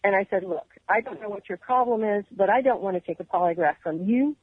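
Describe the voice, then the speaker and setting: A woman calls in to a radio show and recounts her experience in careful, earnest detail, voicing the people in her story as she goes. Her voice has a middle pitch and sounds dry and close on the phone line, with no room around it. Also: a little fast, no room sound. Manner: earnest, detailed storyteller who acts out quoted dialogue. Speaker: radio guest, former agency employee.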